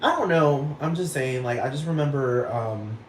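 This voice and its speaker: A man's voice: mid-range voice, lively intonation, normal speed. A man from Texas hosting a solo podcast, ranting casually in a rambling, profane way and constantly asking if the listener follows. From Texas, United States. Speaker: podcast host. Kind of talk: casual monologue rant. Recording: echoey room with faint noise.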